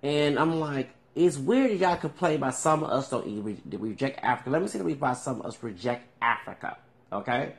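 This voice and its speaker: A man's voice: mid-range voice, animated, a little fast, creaky. A man from Houston hosting a podcast, talking in a rambling monologue and often tagging "okay?" onto his points. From Houston, Texas. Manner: digressive, repeats "okay?". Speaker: podcast host.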